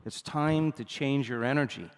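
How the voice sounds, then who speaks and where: Animated man lecturing in a reverberant hall. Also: mid-range voice, moderate pace, clear, resonant tone. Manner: animated storytelling, repeatedly asks the audience for agreement. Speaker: seminar speaker. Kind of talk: motivational seminar talk.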